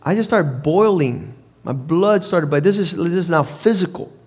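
A man delivers a sermon with a notably high voice. His delivery is emphatic and repetitive, hammering points home the way a preacher does. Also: expressive, moderate pace, a little mellow, slightly rough.

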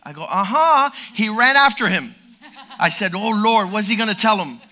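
A male pastor preaching a sermon, telling stories with humor and swinging from quiet asides to loud exhortation. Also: sits high, lively intonation, fairly quick. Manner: storytelling with playful humor.

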